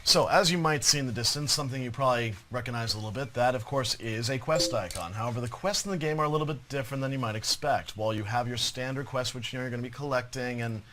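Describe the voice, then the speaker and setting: A hoarse, throaty man presenting a live game demo with jokey enthusiasm. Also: medium pitch, fast, hardly any pauses, pushed and bright, a little hiss or hum.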